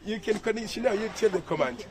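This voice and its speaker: Outdoors at an elephant sanctuary, a male guide gives live tour commentary, complimenting visitors' photos and encouragingly explaining the animals. He talks fast in a high, expressive voice, and the low-quality recording picks up visitors chatting nearby.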